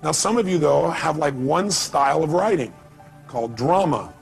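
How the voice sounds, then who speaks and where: Emphatic high-voiced man giving a motivational talk. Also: animated, moderate pace, gravelly, soft background music. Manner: emphatic, fires rhetorical questions at the audience. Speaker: motivational speaker. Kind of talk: motivational seminar speech.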